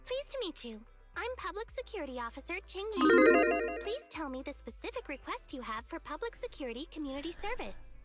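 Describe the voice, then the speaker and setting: A woman's voice: very high-pitched, sing-song, a little fast. An actress voicing a polite female android police officer, formal and courteous, heard over game music.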